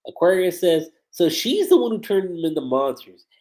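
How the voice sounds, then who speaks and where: A man's voice: high voice, sing-song, moderate pace, darkish tone, poor audio. A man giving a casual livestream review of an anime episode, retelling scenes and quoting the characters.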